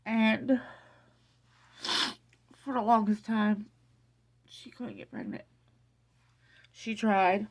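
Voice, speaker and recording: A middle-aged woman telling a personal family story to camera in a casual, emotional way, halting and tearful. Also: mid-range voice, very animated, darkish tone. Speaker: vlogger sharing family news.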